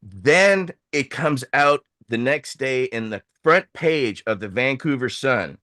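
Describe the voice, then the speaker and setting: A man hosting a show, telling a long story in a casual, animated way, acting out the voices of people he quotes. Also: medium pitch, slow pace. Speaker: host.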